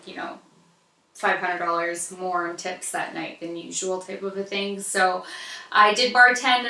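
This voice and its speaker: American woman, 30s, casual vlogger chat, bright voice, roomy echo. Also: mid-range voice, far from the mic. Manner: chatty and gushing, with playful asides. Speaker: beauty vlogger answering viewer questions. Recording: echoey room, a little off-mic.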